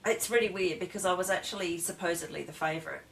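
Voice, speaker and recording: A woman's voice: fairly low pitch, fast, vocal fry, fairly bright tone, poor audio. A woman speaking as a podcast guest, recounting painful past events in a plain, matter-of-fact way. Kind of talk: casual podcast conversation.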